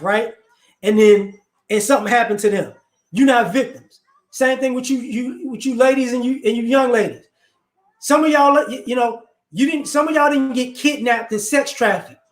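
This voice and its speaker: A man hosting a live stream, giving blunt, confrontational social commentary off the cuff, rambling and repeating words as he builds each point. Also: extremely high pitch. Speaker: livestream host. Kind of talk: unscripted social commentary rant. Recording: roomy echo.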